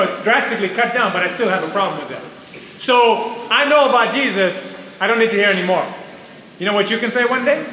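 A man's voice: sits high, sharp tone. A man preaching a sermon to an audience in a large hall, emphatic and repeating key phrases, on a dull lo-fi recording with faint hiss.

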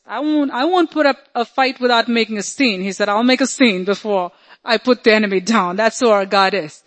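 A woman preaching a sermon, delivering God's promises with loud declarations that drop to hushed, intimate tones. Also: fairly high pitch, brisk.

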